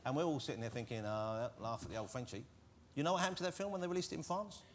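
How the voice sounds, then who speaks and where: A man hosting a chat show, teasing his guests with playful, quick jokes. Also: mid-range voice. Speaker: talk show host. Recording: studio with live audience laughter and noise.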